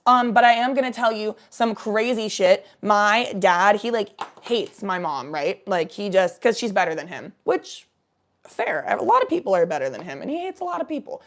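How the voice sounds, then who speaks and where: A woman from Cincinnati in casual storytelling chat. She talks bluntly and profanely, tossing in quick asides. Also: mid-range voice, lively intonation. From Cincinnati, USA.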